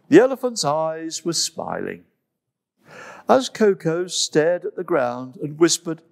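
A male storyteller reading a children's tale slowly and expressively. His voice has a gravelly grain and a lively, rising and falling melody. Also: fairly high pitch. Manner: expressive, unhurried.

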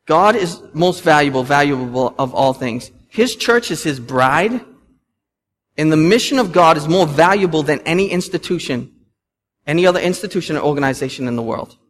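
A man in his thirties preaching a sermon in a church, animated, rising and falling with emphasis and asking the congregation questions. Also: fairly high pitch, moderate pace, in a large hall. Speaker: pastor. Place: church sanctuary.

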